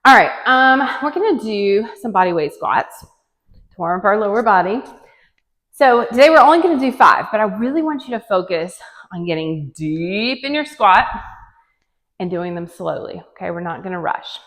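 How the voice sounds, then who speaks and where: A woman's voice: mid-range voice, lively intonation, normal speed, a bit bright. A woman leading a home workout, chatty and encouraging, counting reps and sometimes out of breath. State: out of breath at times. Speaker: fitness instructor. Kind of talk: guided home workout coaching. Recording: long reverb, echoey room.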